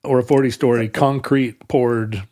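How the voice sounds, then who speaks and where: Guy on a podcast rambling thru history, mid pitch, casual chat. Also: fairly even intonation, unhurried, dark tone. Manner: discursive, explaining history at length. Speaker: podcast co-host.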